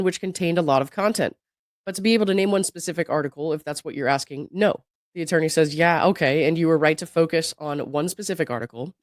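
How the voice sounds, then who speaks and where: With his voice dulled by sickness, a legal commentary channel host reads a deposition transcript aloud. He keeps the quotes even but breaks in with skeptical asides and laughs. His voice is mid-range, and the studio-quality sound carries no echo.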